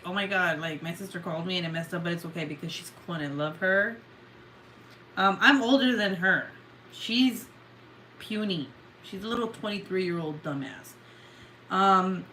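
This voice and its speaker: A woman's voice: on the low side, normal speed, pushed and bright, slight background noise. A young woman from California who hosts a late-night livestream, chatting casually, sounding sleepy, swearing a lot and laughing often. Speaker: livestream host.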